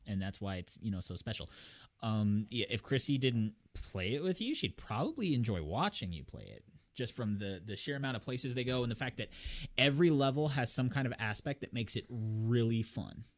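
A man co-hosting a casual podcast chat, eagerly retelling a video game and acting out its characters in quick voices. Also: medium pitch, sing-song. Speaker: podcast co-host.

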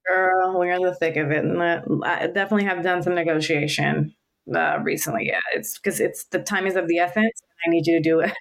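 Low-ish voiced woman, chatty podcast cohost, laughs a lot. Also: steady tone, brisk, vocal fry. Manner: chatty, emphatic, laughs often. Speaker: podcast co-host. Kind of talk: casual chat.

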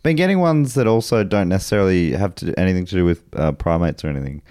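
A man's voice: deep voice, animated, quick pace, mellow, no room sound, studio quality. A man with an Australian accent hosting a podcast, chatting casually and laughing easily as he reads out listener messages. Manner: easygoing, laughs often while reading listener messages. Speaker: podcast host.

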